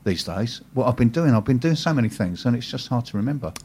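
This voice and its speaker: A man's voice: medium pitch, animated, quick pace, dark tone, husky. A man hosting a business radio show, chatting and teasing his co-host. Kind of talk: casual radio chat.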